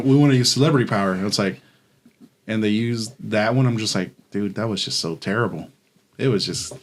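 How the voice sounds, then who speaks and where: A man co-hosting a podcast in casual chat, rambling with lots of fillers and swearing. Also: mid-range voice. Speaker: podcast co-host.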